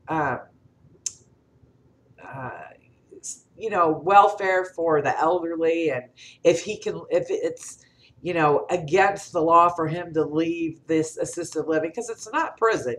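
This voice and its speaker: A middle-aged woman vlogging in casual chat to camera, telling stories and acting out what people said. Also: low voice. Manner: animated storyteller acting out quotes.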